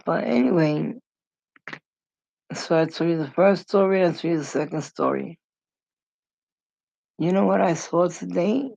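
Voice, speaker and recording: A woman rambles through her stories at an unhurried pace, her voice heavily gravelly with fry. She slips into the voices of the people she describes. The sound is dull and lo-fi, and dry with no room echo. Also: lowish voice, warm tone. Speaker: storyteller. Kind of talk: casual storytelling vlog. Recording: dull lo-fi recording.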